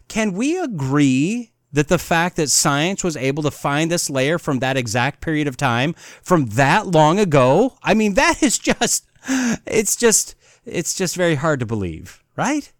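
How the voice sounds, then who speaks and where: A man hosting a podcast, reading from an article and mocking it with heavy sarcasm. His slightly high voice rises and falls widely as he goes. The sound is close and dry, with no room echo. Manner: sarcastic, mocking, reads quotes aloud. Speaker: podcast host.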